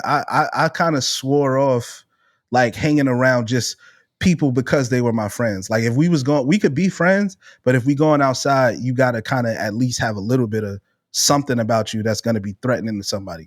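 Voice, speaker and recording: A man around thirty tells a story in loose, casual podcast chat. He is animated and swears freely, slipping into the voices of the people in his story. His voice sits at a middling pitch, and the sound is close and dry. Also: no room sound. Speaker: podcast co-host.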